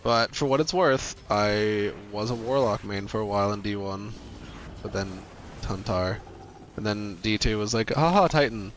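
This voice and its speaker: A man's voice: fairly low pitch, steady tone, measured pace, fairly bright tone, a little hiss or hum. A man streaming a game, talking casually with a teammate, joking and laughing often. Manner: chatty, laughs often, jokey. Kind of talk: casual gaming chat.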